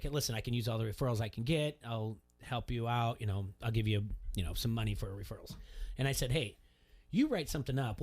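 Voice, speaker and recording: A man's voice: on the low side, a little mellow. Laid-back male sports radio host. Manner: laid-back, laughs often, rambling. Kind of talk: casual sports radio chat.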